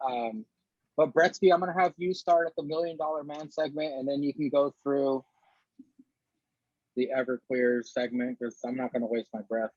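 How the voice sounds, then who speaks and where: A man's voice: medium pitch, steady tone, normal speed, a little mellow, dry recording. A man hosting a casual wrestling podcast, blunt and joking and swearing freely. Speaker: podcast host. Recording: dull dry lo-fi mic.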